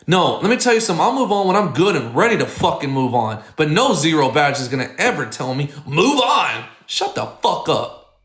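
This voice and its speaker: A man's voice: a little high, sing-song, a little fast, fairly bright tone. Fired-up man ranting to his stream chat. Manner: profane, heated ranting, repeating himself. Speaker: livestreamer addressing chat. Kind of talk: live stream rant. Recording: echoey room.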